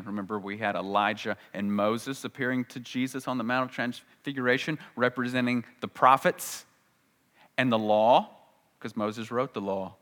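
A man preaching a sermon, telling a story with energy and acting out the lines he quotes, with rises and drops in pitch and loudness. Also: long reverb tail. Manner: animated storytelling, acts out quotes with big jumps in pitch and volume. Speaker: pastor.

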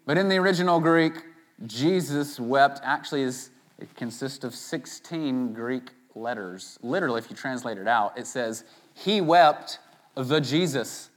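A man preaching a sermon in an emphatic style, pushing key phrases hard and then dropping into quiet asides. He talks to his congregation like he's chatting with them, with playful interjections along the way. His voice sits at an ordinary middle pitch for a man. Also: unhurried. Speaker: pastor.

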